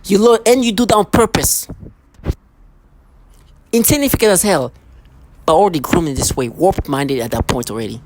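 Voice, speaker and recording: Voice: medium pitch, animated, normal speed, long pauses, a little hiss or hum, poor audio. A vlogger in an angry, threatening monologue who often repeats and restarts words.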